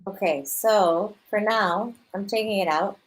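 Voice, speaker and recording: A woman chairing a school council meeting over a video call, casual and quick to laugh. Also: medium pitch, poor audio. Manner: casual, laughing, running the vote.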